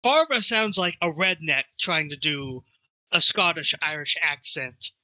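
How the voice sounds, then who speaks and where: A man's voice: a little high, lively intonation, measured pace, pushed and bright, rough recording. A man co-hosting a podcast, telling rambling stories in casual chat with fillers and cursing. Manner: rambling, storytelling with fillers and profanity. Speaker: podcast co-host.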